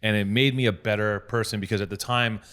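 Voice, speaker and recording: A man's voice: lowish voice, fast talker, slight background noise. A man hosting a podcast in casual chat, telling stories animatedly and swearing freely. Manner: profane, animated storytelling with acted-out quotes. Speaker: podcast host.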